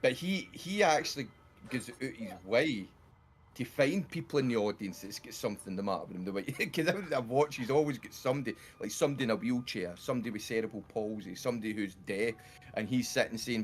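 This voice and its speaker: A man's voice: mid-range voice, fast, a little hiss or hum. A man chatting on a game livestream, retelling comedy bits with lots of swearing and laughter. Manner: animated storyteller, swears freely, laughs while retelling jokes. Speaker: streamer. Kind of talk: casual chat over a game livestream.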